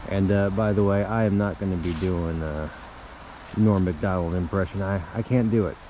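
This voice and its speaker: A man telling a rambling deadpan comic tall tale, halting often and restarting his sentences. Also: sits low, a little hiss or hum. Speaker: storyteller.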